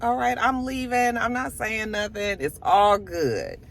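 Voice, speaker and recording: A woman's voice: a little high, expressive, a little slow, creaky, voice pushed up. A woman voicing a nervous young man who apologizes and backs away, with flustered, apologetic talk.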